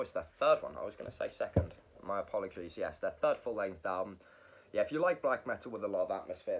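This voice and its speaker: Low-voiced man, sick, casual rambling music reviewer who corrects himself. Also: a bit bright. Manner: rambling, self-correcting, many ums.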